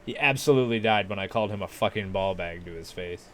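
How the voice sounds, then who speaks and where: A man's voice: sits low, fast talker, a bit bright, a little hiss or hum. A man chatting casually while he streams a video game, rambling, swearing and mocking himself. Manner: rambling, profane, self-mocking. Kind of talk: casual livestream gaming chat.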